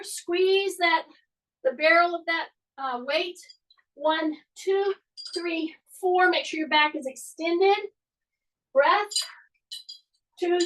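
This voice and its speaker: A woman fitness instructor leading a guided workout with steady, even coaching cues. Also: high-pitched, distant mic, low-quality recording. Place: home workout space.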